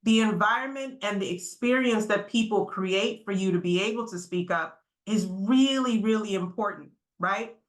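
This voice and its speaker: A woman giving an energetic, interactive conference talk to students over a video call, often checking in with "right?". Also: mid-range voice, moderate pace, few pauses, reverberant, rough recording. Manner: energetic, quizzes the audience, frequent "right?" tags. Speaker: motivational speaker.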